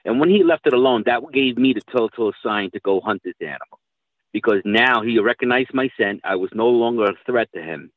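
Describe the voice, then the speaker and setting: A man's voice: medium pitch, lively intonation, a little fast, no echo. A middle-aged man telling rambling hunting stories in casual talk, swearing now and then. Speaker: guest hunter telling stories. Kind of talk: casual storytelling. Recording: tinny phone-line audio.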